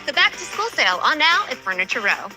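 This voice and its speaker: Upbeat female announcer reading a quick sales spot over clear music. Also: high-pitched, big pitch swings, poor audio. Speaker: radio ad announcer. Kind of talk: scripted advertisement.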